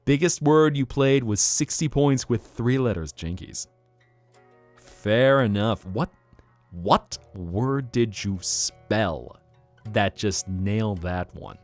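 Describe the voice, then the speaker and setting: A man's voice: fairly low pitch, lively intonation, slow pace, soft background music. A man streaming live, chatting casually with his viewers in a playful, teasing way. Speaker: VTuber streamer.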